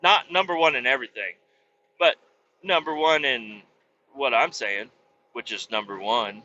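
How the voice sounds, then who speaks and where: A man hosting a podcast, rambling in a profane, meandering way with many pauses and restarts, on a dull lo-fi recording. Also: medium pitch, pushed and bright, slight background noise. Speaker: podcast host and roadside tow operator. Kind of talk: casual rambling monologue.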